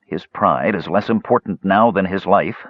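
A man voicing a humble half-elf man who speaks gently and softly, as in an audiobook. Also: deep voice, normal speed, no echo, highs cut off. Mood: gentle. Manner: gentle, soft-spoken. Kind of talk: audiobook narration.

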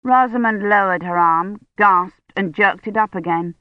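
Slow, measured woman narrator. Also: mid-range voice, no echo. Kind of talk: audiobook narration. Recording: dull dry recording.

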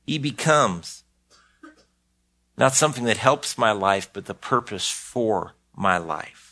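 A man's voice: on the low side, expressive, slow pace, bright, forceful tone. An older man preaching a sermon as pastor, earnest, often repeating a word as he starts a phrase.

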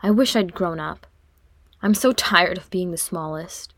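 A woman voicing a small, cheeky young male dwarf who teases his older brother in a high, pleading tone, for an audiobook reading. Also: measured pace, no echo. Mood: sulky. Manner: bright, teasing, high and pleading.

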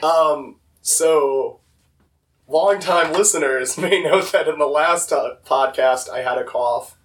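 A young man with a slightly hoarse voice, telling stories casually on a podcast with lots of "like". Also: fairly high pitch, slow. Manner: rambling, lots of "like". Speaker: podcast co-host. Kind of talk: casual storytelling chat. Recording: voice distant from the mic.

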